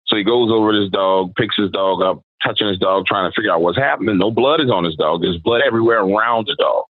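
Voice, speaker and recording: Man, very deep, dry phone-line sound, relaxed storyteller. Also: fast talker, husky, dry recording. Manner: conversational, quotes people in his story. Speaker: podcast guest, paranormal storyteller. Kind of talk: casual storytelling.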